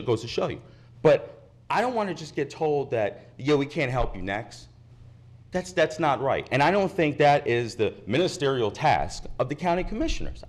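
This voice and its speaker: A man giving impassioned public comment at a county commission meeting, indignant and insistent, repeating his points at a podium microphone. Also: mid-range voice. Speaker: resident speaking at public comment.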